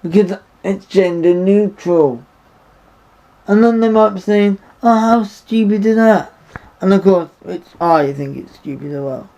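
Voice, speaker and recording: Talking to camera in a high, creaky, mellow voice, this vlogger rants indignantly at a measured pace, going in circles and saying things twice. The recording sounds dull and lo-fi.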